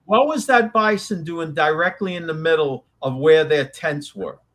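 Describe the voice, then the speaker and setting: A man co-hosting a casual news chat show, ranting in an animated way. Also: on the high side, moderate pace. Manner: animated, ranting, breaks into mocking voices. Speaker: co-host.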